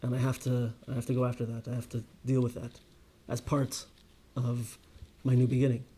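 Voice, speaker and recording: A man teaching a casual Torah class to a small group. He tells stories with lively ups and downs, restarts often and keeps asking "right?". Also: mid-range voice, fairly quick, slightly rough. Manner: lively storyteller, many restarts and "right?" tags.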